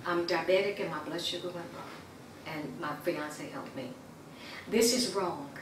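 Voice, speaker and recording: A woman recounts what happened to her in an earnest, unpolished testimony, voicing the people she quotes and stumbling over words now and then. Her voice sits at an ordinary pitch and is picked up from a distance in an echoing room, with faint noise underneath. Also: a bit bright. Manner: earnest, acts out quoted dialogue, some stammering. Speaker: community member giving testimony. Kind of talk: personal testimony, retelling events. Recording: roomy, distant mic, faint background noise.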